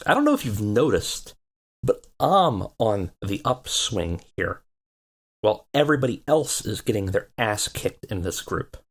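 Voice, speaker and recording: A man's voice: fairly low pitch, very animated, heavily acted. A man playing a cocky, defiant young wrestler. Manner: defiant, cold, drawn-out refusals.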